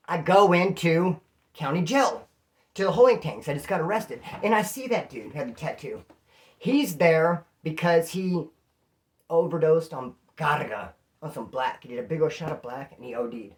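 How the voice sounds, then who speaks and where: A man recounting a jail story in loose, slang-heavy talk. He keeps the telling lively by putting on the voices of the people in it. His tone stays casual and conversational throughout. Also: a little high, normal speed. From California. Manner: slangy, animated, acts out quoted voices. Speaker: prison storyteller.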